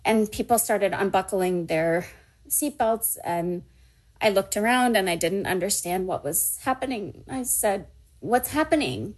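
A woman in her fifties recalling a personal story in a halting, emotional way. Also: mid-range voice, low-quality recording. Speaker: storyteller guest.

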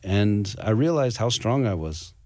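A man in his forties from Arizona, a chef guest in a radio interview, speaking earnestly and reflectively with pauses. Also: on the low side, expressive, darkish tone, no room sound, studio quality. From Arizona, USA. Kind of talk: interview storytelling.

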